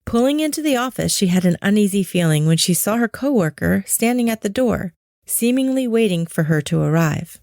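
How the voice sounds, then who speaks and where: A woman narrating a podcast in a measured, scripted storytelling voice. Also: medium pitch, lively intonation, creaky, a little mellow, no room sound, studio quality.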